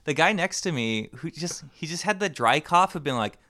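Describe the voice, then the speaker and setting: A young man co-hosts a casual podcast and chats in a bright, animated voice that swings up and down. He rambles with plenty of fillers and breaks into laughter often. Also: fairly high pitch, moderate pace. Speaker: podcast co-host. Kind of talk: casual chat.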